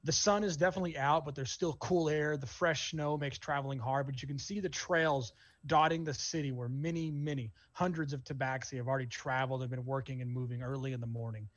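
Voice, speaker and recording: A man narrating as game master of a tabletop game, casual and halting with many fillers. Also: mid-range voice, fairly even intonation, highs cut off.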